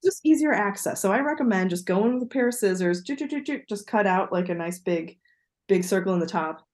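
A woman's voice: mid-range voice, fairly quick, a little mellow. A woman co-hosting a podcast in casual chat, talking in a chatty, digressive way and laughing easily. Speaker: podcast co-host.

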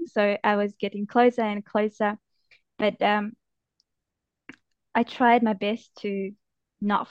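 A young woman speaks as an interview guest, recalling a personal story in a gentle, reflective way and pausing now and then to find her words. Her voice comes through slightly dull and muffled, and the sound is dry, with no room echo. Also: mid-range voice.

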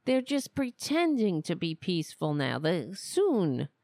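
A woman's voice: fairly low pitch, sing-song, unhurried, a little mellow, no echo, clean studio sound. A woman hosting a podcast, giving sarcastic, mocking, profane political commentary. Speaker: podcast host.

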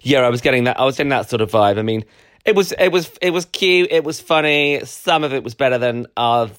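Man, podcast co-host, lively pitch, playful casual chat. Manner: animated, playful, quick to laugh.

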